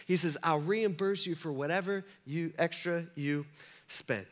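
A man's voice: fairly high pitch, normal speed. A man preaching a sermon to a live congregation in a casual, conversational way, acting out quoted lines as he goes. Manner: animated, conversational, acts out dialogue. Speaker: pastor.

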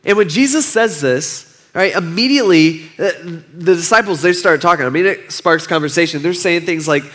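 A young man giving a casual, conversational sermon, retelling a story and acting out the quotes with lively shifts in voice. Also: on the high side, moderate pace. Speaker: pastor.

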